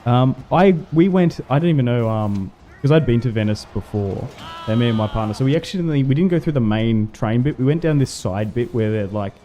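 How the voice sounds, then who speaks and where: A man's voice: lowish voice, dark tone. A man chatting casually with his stream while playing a strategy game, rambling with fillers and laughs. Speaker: livestream gamer.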